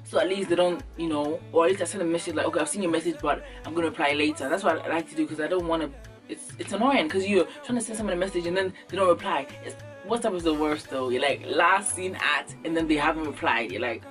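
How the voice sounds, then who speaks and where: A woman's voice: deep voice, fast. Young woman from ghana chatting to her camera, jokey vlog rant, voice jumping up and down, a bit of music under it. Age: young adult. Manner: animated, acts out little scenes with sudden jumps in voice. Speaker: beauty vlogger. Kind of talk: casual comedic vlog monologue. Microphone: camera mic.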